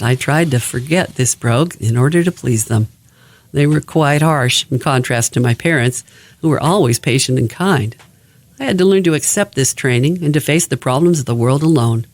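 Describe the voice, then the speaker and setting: A man reads aloud from an old family memoir, keeping a steady, even pace. His voice sits at a middle pitch for a man. The recording is dry and close, with no room sound around him. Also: dry recording.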